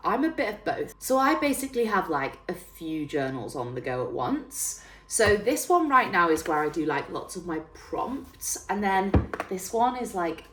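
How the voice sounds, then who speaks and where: A woman of thirty with a northern English accent, chatting to camera in a bubbly way, full of fillers. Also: sits low. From northern England. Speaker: fitness trainer and YouTuber. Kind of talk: casual vlog talk to camera.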